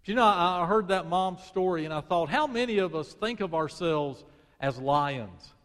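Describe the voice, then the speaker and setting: A man preaching a sermon as pastor, swinging from loud emphasis to hushed prayer. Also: sits high, expressive, normal speed. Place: church sanctuary. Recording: long church hall reverb.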